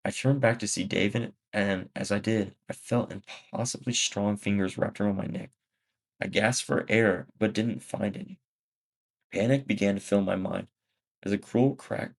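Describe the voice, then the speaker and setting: A man's voice: lowish voice, gravelly, poor audio. A man reading a first-person story aloud, a plain reading with small slips. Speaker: story narrator.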